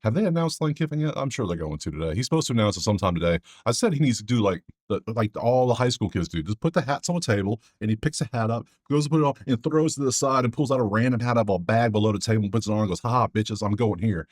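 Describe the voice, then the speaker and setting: A man's voice: mid-range voice, expressive, rapid-fire, few pauses, a little mellow, dry recording, studio quality. A man hosting a casual sports betting breakdown, rambling with joking asides to his viewers.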